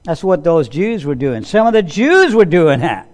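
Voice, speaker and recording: A man's voice: fairly high pitch, very animated, normal speed. A man preaching a sermon as a pastor. He tells Bible stories in a conversational way, asks the listeners questions and acts out the voices he quotes.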